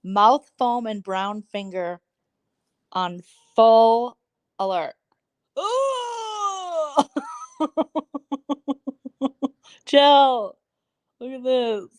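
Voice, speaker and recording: A woman vlogger chatting casually on a late-night live stream from home on her phone, giggly and quick to react dramatically. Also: fairly high pitch, clean tone, no echo, clean studio sound. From Southern California. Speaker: vlogger hosting a live chat. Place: at home, settled somewhere comfy.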